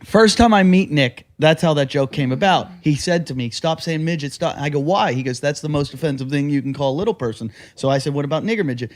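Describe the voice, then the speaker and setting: A man's voice: on the high side, quick pace, few pauses. A man co-hosting a podcast, telling crude, jokey stories in casual banter. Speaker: podcast co-host.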